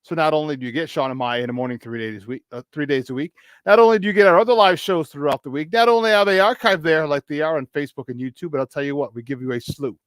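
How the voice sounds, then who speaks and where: A man's voice: a little high, fast, no room sound. A man with a Chicago accent hosting a live morning sports talk show, riffing playfully through promos with asides.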